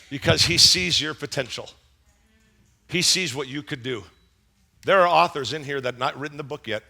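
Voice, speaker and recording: A man's voice: fairly high pitch, moderate pace, creaky, pauses often. A middle-aged man preaching a sermon, telling stories animatedly and acting out scenes. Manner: animated, acts out scenes and voices. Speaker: pastor. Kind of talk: sermon with storytelling.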